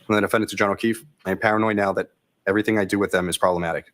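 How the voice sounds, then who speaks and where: A state trooper testifying in court, reading text messages into the record in a flat, monotone way. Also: male voice, lowish voice, very fast, a little hiss or hum.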